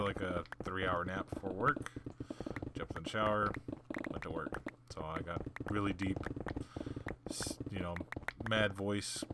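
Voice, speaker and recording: A man hosting a gaming channel, telling a story in a casual, rambling way over gameplay footage. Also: sits low. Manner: rambling, loose retelling full of "I'm like". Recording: loud steady background noise with clicks.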